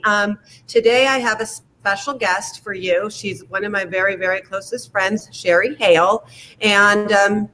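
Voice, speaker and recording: A woman hosting a livestream show, introducing her guest in a halting, emotional way with many fillers. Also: medium pitch, a bit bright, poor audio. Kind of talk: casual heartfelt introduction.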